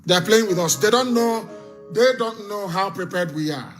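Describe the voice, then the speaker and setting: A man hosting a live call-in broadcast, speaking in an impassioned, rousing way that often swells into shouting. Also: sits high, normal speed, faint music behind. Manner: impassioned, rousing, scornful, raises his voice to shouts. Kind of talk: fiery live address and call-in.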